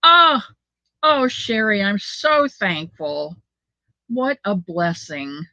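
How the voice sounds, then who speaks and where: A woman's voice: mid-range voice, very animated, takes it slowly, fairly bright tone, dry recording. An older woman hosting a casual livestream, chatting affectionately with viewers and reading their comments aloud. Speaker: livestream host reading chat. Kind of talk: casual chat. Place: home. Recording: dull lo-fi dry sound.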